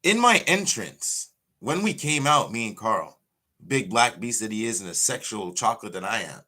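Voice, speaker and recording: Pro wrestler, male, blunt and foul-mouthed, bright edge to a lowish voice. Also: expressive, moderate pace. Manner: profane, blunt storytelling. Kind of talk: casual livestream rant.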